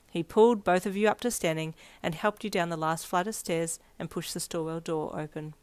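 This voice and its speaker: A woman narrating a fanfiction story aloud in a steady storytelling read. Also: fairly low pitch, brisk, hardly any pauses, smooth. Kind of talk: scripted narration.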